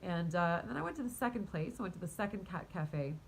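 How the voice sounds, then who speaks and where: A woman casually telling a story to her viewers in a rambling, animated way, full of fillers, restarts and quick laughs. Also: on the low side, gravelly, slight background noise, low-quality recording. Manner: talks to her cat mid-story. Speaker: vlogger and spiritual coach.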